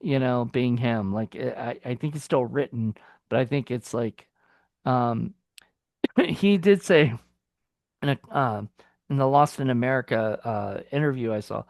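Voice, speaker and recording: A man's voice: medium pitch, measured pace, creaky, dry recording, clean studio sound. A man co-hosting a film review podcast in casual chat. He rambles loosely, with many fillers and restarts.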